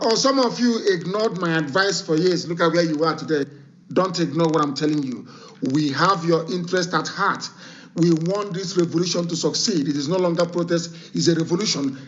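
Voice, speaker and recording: A man's voice: on the high side, a bit bright. A man giving an impassioned live radio address, commanding and repeating his orders for emphasis, his voice still not fully recovered from illness. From Nigeria. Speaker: broadcaster addressing supporters. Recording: dull lo-fi broadcast audio.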